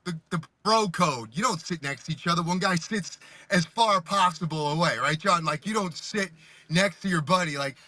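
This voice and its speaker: Male host, high bright voice, animated storyteller who laughs and shouts the punchlines. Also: normal speed. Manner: animated, laughs while telling stories, shouts in re-enactments. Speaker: podcast host. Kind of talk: casual storytelling chat.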